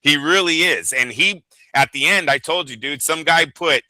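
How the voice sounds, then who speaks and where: A man co-hosting a boxing podcast, talking in a blunt, emphatic and profane way. His voice is very bright and forceful and sits somewhat high. It sounds dry and close to the mic. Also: moderate pace, no room sound, low-quality recording. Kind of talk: casual opinionated chat.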